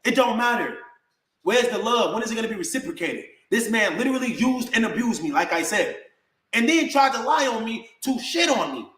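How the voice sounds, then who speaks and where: A man's voice: very high-pitched, very animated, a little fast, a bit bright, reverberant. A man venting in a heated rant to the camera, indignant and repetitive, calling his viewers bro. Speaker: vlogger.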